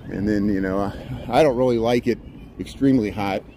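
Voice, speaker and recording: A man's voice: on the low side, normal speed, mellow. Chatty man live-streaming a windy walk. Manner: chatty, rambling, greets viewers by name. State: out of breath from walking and talking. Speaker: live-streaming walking vlogger. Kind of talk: casual walking commentary to live chat. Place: outdoors on city streets and park paths. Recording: wind noise on the mic outdoors. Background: traffic and wind.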